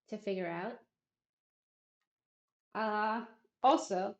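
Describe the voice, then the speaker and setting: A woman's voice: mid-range voice, darkish tone. A woman streamer chatting casually in a rambling, self-deprecating, wry way. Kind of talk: casual livestream chat. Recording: roomy, muffled stream audio.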